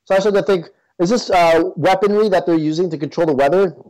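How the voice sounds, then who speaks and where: A man's voice: high-pitched, fast talker, darkish tone, poor audio. A man being interviewed as a guest, talking casually and earnestly, with many fillers and restarts. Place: in Toronto.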